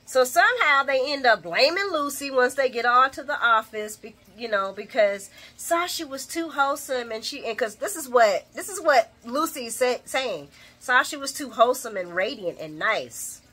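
A woman's voice: sits high, lively intonation, normal speed, hardly any pauses, pushed and bright. A woman recapping a soap opera in casual chat, sassy and opinionated, laughing often as she talks.

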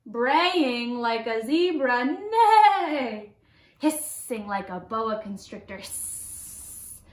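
A children's librarian, a woman, reading a picture book aloud to children in an animated, playful way and inviting them to join in. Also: fairly high pitch, slow pace. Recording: roomy echo.

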